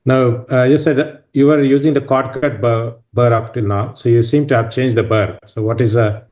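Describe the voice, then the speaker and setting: A man's voice: mid-range voice, steady tone, moderate pace, darkish tone. A man, a surgeon on a live panel, asking polite questions with hesitant fillers. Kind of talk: live webcast discussion.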